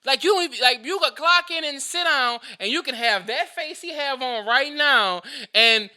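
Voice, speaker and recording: High, bright-voiced man rambling. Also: normal speed. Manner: rambling, animated, many restarts. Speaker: podcast host. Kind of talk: casual podcast chat.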